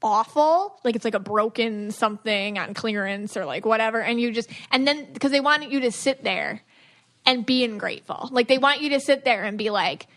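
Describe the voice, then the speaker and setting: A young adult woman hosting a podcast in casual chat, animated and acting out quoted voices. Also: on the high side, moderate pace. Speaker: podcast host.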